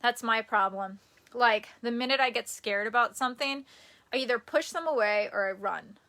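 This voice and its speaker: A young woman from the United States chatting casually on a live stream at home, self-deprecating and quick to laugh. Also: fairly high pitch, bright, forceful tone. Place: indoors at home near a bed. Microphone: phone or camera on a tripod.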